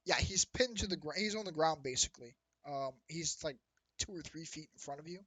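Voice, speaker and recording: A man runs a tabletop game session, narrating scenes in a loose, chatty way. His voice is bright and sits a little high, and the sound is dry and close. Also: animated, brisk, slightly rough, no room sound, rough recording. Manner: loose and chatty, with frequent ums and laughs. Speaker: dungeon master.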